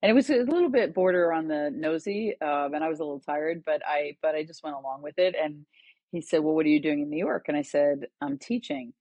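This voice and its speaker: A woman's voice: deep voice, fairly quick, dry recording. A middle-aged woman, a guest author and educator, telling stories in conversation and acting out the dialogue in them. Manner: animated storyteller, acts out quoted dialogue. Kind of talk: conversational storytelling.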